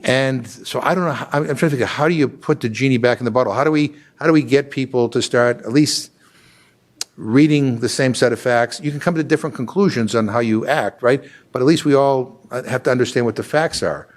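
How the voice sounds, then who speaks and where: An older man, a congressman, talking casually with frequent restarts and fillers, growing animated as he tells a story. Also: mid-range voice, brisk. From Massachusetts. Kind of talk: casual conversational talk.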